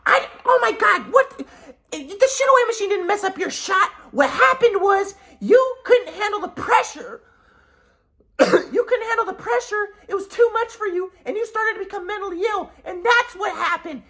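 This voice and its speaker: A man putting on a dismissive mother who goes very high and loud, cackling and shouting. She lectures scornfully, repeating her points with a lively, swooping pitch. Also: moderate pace, full character voice. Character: shrill mocking mother, middle-aged woman, dismissive.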